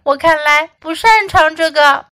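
A woman voicing Raisin, a young girl animal in a children's storybook, squeaky and flustered. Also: unhurried, sharp tone. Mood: apologetic.

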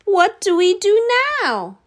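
A woman voicing a small, cheerful boy in a storybook read-aloud, bright and eager. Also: extremely high pitch, sing-song, slow, voice pushed up, full character voice.

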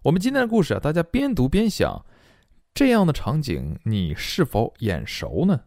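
Animated Chinese man teaching English. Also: on the high side, moderate pace, vocal fry, dry recording, clean studio sound. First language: Mandarin. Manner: animated, playful explaining. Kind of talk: bilingual reading class.

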